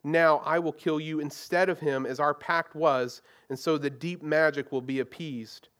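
Man playing a witch woman, cruel, commanding, higher voice, storybook reading. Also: steady tone, moderate pace, fairly bright tone, lightly acted. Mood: quivering, gloating. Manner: imperious, then quivering and gloating.

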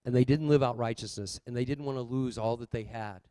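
A male pastor preaching a sermon, swinging between loud exhortation and quiet asides. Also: medium pitch, a little fast, no echo.

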